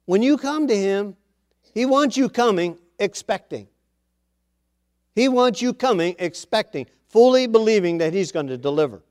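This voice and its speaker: A man preaching a sermon, reading scripture aloud and swelling louder on the quoted words. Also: high-pitched, animated, moderate pace.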